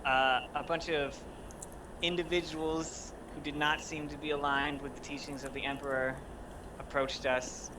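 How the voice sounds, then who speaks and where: A man playing a tabletop game who recounts events in a formal, measured way. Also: fairly high pitch, little pitch movement, distant mic, background noise. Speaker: player. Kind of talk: in-character tabletop report.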